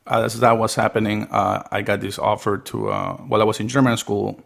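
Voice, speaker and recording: A young man from Peru, a comedian guest, telling rambling, animated stories in a casual podcast chat. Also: fairly low pitch, a little fast, gravelly.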